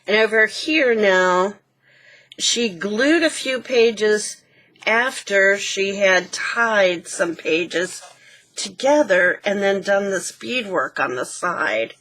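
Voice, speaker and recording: A woman hosting a craft channel, gently walking through a handmade book page by page and pointing out details. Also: mid-range voice, animated, takes it slowly. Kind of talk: casual show-and-tell walkthrough.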